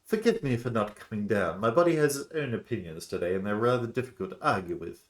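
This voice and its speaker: A man voicing an unwell bedridden woman, polite and wry, in a raised, slightly louder voice. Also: on the low side, expressive, quick pace, voice pushed up, natural voice.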